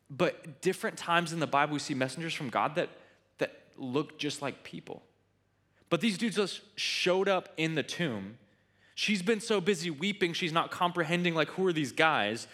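A man preaching a sermon in an animated, conversational way with joking asides. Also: on the high side. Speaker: pastor.

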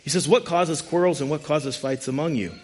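A man preaching a sermon in a conversational, animated way, with frequent asides. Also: fairly high pitch, a little fast. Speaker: pastor.

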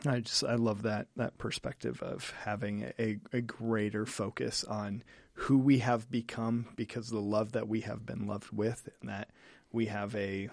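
An earnest male pastor with a gravelly, fry-laden voice works through his thoughts aloud, often restarting phrases. The recording is dry and close, with no room sound. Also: fairly low pitch, level tone, darkish tone, dry recording. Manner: earnest, halting, many restarts. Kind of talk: casual podcast chat.

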